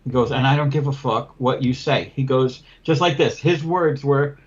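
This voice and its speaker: A man's voice: medium pitch, fairly even intonation, normal speed, dull audio. Blunt, profane man telling a story. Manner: blunt, profane, tells stories with quoted dialogue. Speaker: window cleaning business owner. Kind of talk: casual podcast chat, storytelling.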